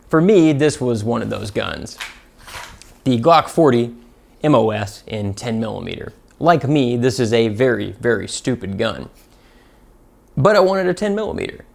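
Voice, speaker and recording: A man's voice: mid-range voice, vocal fry. A man with a Southern American accent giving a comedic, profane, self-mocking gun review.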